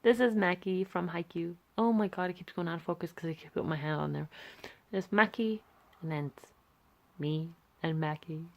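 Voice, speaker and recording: British young woman vlogger, low-ish voice with vocal fry, rambling and self-deprecating. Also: moderate pace. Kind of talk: casual sketchbook walkthrough.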